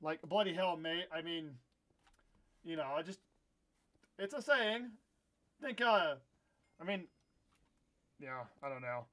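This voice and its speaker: A young American man with a notably high voice, streaming a game live. He rambles and corrects himself as he chats, breaking into excitable outbursts now and then. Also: slow pace, pauses often. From United States. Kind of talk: casual live-stream chat while gaming.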